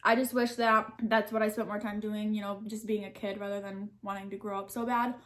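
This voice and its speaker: A woman's voice: medium pitch, little pitch movement, fairly quick, a bit bright. A young woman answering question cards while eating, talking candidly and thinking aloud. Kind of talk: casual mukbang chat.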